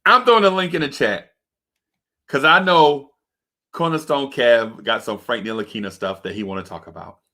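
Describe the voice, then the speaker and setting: A young man hosting a fan livestream show and telling a long, animated story, jumping into high voices to act out the other people in it. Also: normal speed. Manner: acts out other people's voices in his stories, high-pitched and excitable. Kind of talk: animated storytelling and casual chat.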